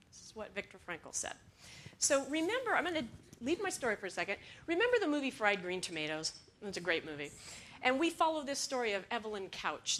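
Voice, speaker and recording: A woman with a medium-pitched voice gives a talk to an audience, with a little hiss or hum audible. She tells stories animatedly, laughs now and then, and acts out the lines she quotes.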